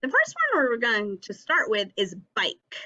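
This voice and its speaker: A woman teaching a phonics lesson to young children, slowly stretching out and sounding each letter of the words. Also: on the high side, very animated, pushed and bright, dull audio.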